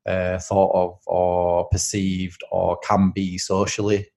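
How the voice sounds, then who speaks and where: A man holds forth on a podcast in a low voice. There is a gravelly, creaky texture to his talk. He is blunt and opinionated, and he often turns things into a joke. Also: monotone, takes it slowly, a little mellow. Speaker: podcast co-host. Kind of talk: casual podcast chat.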